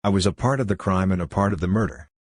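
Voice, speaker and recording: A man's voice: sits low, fast, dry recording, studio quality. A man reading as a desperate young condemned thief. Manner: pleading, desperate. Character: distraught young male thief on death row.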